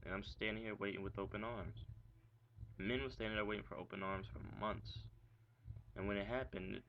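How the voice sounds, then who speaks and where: A young man with a lowish, steady voice and some vocal fry talks a little fast as he rants angrily about his ex-girlfriend in a vlog. The monologue is profane and rambling, packed with "like" and rhetorical questions. It's captured on dull lo-fi webcam audio with a faint hiss.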